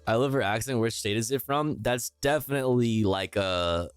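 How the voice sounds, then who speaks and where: A man streaming live, reacting to clips with crude jokes and an animated delivery. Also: mid-range voice, normal speed, few pauses, smooth, no room sound, faint music behind.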